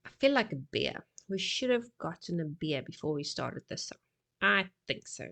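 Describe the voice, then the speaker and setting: A woman's voice: sits low, sing-song, normal speed, creaky, a bit bright. A woman hosting a music reaction video, chatting casually to her viewers, often laughing and tripping over her words. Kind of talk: casual chat to camera.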